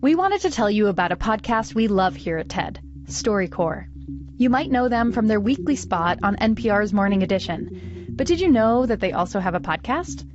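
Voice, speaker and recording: Female podcast host, scripted promo read, even announcer tone, mid pitch, muffled audio. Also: moderate pace, background noise. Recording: dull, lo-fi sound.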